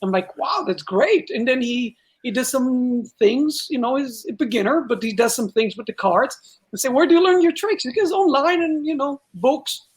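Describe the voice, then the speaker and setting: A man's voice: very high-pitched, animated, moderate pace. A man from Israel with an Israeli accent, a guest magician telling a story in casual podcast talk and acting out the dialogue.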